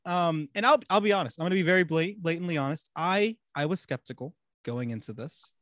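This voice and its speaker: A man's voice: fairly high pitch, brisk, a bit bright, no echo, studio quality. A young man hosting a casual podcast chat, giggling often through his own jokes. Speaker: podcast host.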